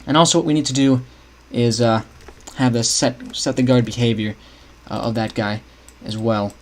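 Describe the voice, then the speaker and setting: His voice is mid-range with a steady tone at normal speed. A young man streaming his game map work, he thinks aloud casually, keeps restarting, and chats with viewers.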